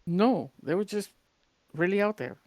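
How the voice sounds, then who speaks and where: A woman with a medium-pitched, unhurried voice, recorded dry, co-hosts a podcast. She tells stories casually and animatedly, acting out the people she quotes and swearing now and then.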